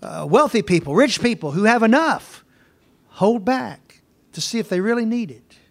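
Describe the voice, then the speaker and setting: An older man in his sixties preaching with a notably high-pitched voice. He delivers a folksy storytelling sermon and drives his points home by repeating them with emphasis. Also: lively intonation, normal speed, gravelly. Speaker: minister.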